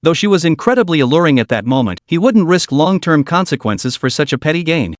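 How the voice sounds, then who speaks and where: Lively male storybook narrator. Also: fairly high pitch, a little fast, dry recording, clean studio sound. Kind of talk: scripted web-novel narration.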